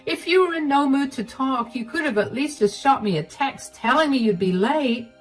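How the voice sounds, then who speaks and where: A frantic, wounded young wife pleading with her husband in a raised, strained voice, played by a woman narrating the story. Her pitch climbs well above an ordinary speaking voice. Faint music plays underneath. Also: animated, normal speed. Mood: upset. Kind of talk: storytelling voice acting.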